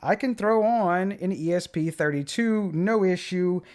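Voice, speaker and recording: A man's voice: sits high, a little slow, a little mellow. A man hosting a casual gadget unboxing and review, rambling and opinionated with plenty of asides. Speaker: tech channel host.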